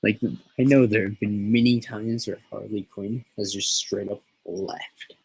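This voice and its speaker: A man talks in an unhurried, low voice with a gravelly fry and a husky edge. He hosts a laid-back show, rambling, cursing freely and chuckling as he goes. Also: steady tone, darkish tone, rough recording. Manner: profane, rambling, laughs often. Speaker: show host. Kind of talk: casual rambling chat.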